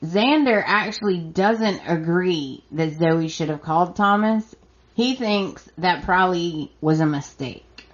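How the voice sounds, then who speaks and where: A woman's voice: on the low side, slow pace, dull audio. A woman hosting a podcast and recapping a soap opera in a chatty, exasperated way, acting out her own reactions. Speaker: podcast host.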